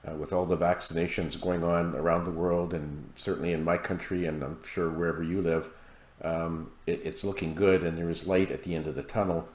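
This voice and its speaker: A man, an author and hypnosis practitioner, talking to camera in a calm, measured way with occasional fillers. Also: low voice. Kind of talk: monologue to camera. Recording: roomy echo.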